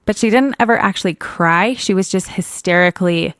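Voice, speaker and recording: A woman's voice: medium pitch, a little fast, a bit bright, no room sound. A woman co-hosting a podcast, casually retelling a case in a chatty way that is full of small corrections. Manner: chatty, laughs often, self-correcting. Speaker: true crime podcast co-host.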